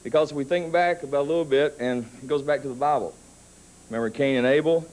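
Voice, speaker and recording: A man in his thirties telling a story in a wrestling interview, building up to shouted threats. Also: a little high, quick pace, poor audio. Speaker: wrestler cutting a promo.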